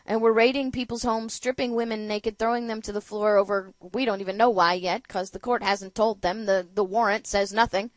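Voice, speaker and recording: A woman's voice: mid-range voice, fairly even intonation, fairly quick, hardly any pauses, no echo. A woman hosting a political talk show, giving opinionated commentary with sarcasm, rhetorical questions and emphatic outbursts. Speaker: radio talk show host.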